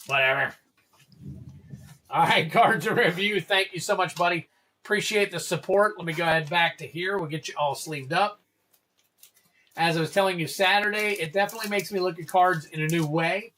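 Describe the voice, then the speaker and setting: A man's voice: high-pitched, fairly even intonation, fairly quick, sharp tone. A man hosting a casual card-opening livestream, chatting freely and reading card names and prices aloud to his viewers.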